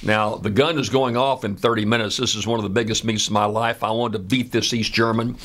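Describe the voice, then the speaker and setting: A man in his seventies from the United States, telling a personal story in an unhurried, conversational way with frequent "uh" fillers. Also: lowish voice, fairly even intonation, a bit bright. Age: 70s.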